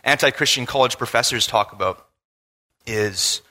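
Bright, animated man preaching, hall reverb. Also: mid-range voice, moderate pace. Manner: casual, animated storytelling with laughs. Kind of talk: sermon with a personal story. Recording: long reverb of a large room.

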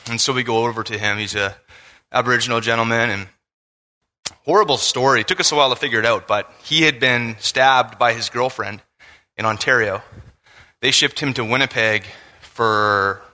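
Bright, animated man preaching, hall reverb. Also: medium pitch. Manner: casual, animated storytelling with laughs. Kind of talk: sermon with a personal story. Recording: long reverb of a large room.

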